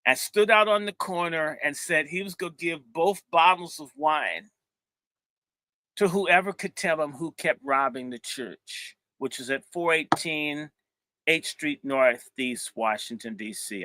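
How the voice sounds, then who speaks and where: A high, strikingly bright male voice, recorded close and dry. He's a middle-aged minister telling a funny, lively story and playing it up for laughs. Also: unhurried, dry recording. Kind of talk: animated storytelling talk.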